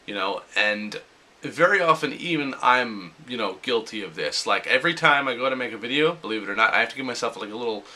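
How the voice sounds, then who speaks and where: Young man, bright forceful tone, chatty self-help vlogger who acts out quoted thoughts. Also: medium pitch, lively intonation, fast. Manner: casual, acts out quoted inner voices. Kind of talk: motivational vlog talk.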